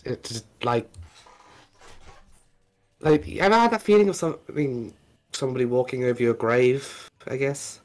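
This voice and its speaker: An anxious young adventurer, played by a man, who stammers and keeps insisting she is fine in a tabletop role-play. The voice sits at a middling pitch. Faint music plays underneath. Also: normal speed, long pauses, close to an everyday voice. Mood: uneasy. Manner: hesitant, stammering, brushing off worry.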